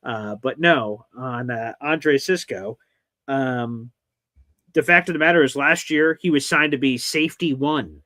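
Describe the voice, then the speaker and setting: A man hosting a casual sports podcast, wry and quick with mock-dramatic asides. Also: mid-range voice, pushed and bright, no echo. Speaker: podcast host. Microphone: streamed podcast mic.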